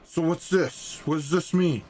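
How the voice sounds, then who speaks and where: Man doing an excitable male art dealer, raised pitch, eager, insistent, repeats himself. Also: measured pace. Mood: puzzled.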